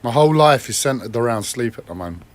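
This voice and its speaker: A man speaking alone on a personal livestream vlog with a mid-range voice. He rambles, criticises himself, and swears freely. He keeps breaking off to clear his throat or cough. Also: medium pitch, expressive, fast talker.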